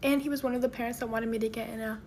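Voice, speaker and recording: A woman's voice: fairly high pitch, fairly even intonation, rapid-fire, a little mellow, a little hiss or hum. A young woman doing a get-ready-with-me storytime, chatting and confiding straight to her viewers.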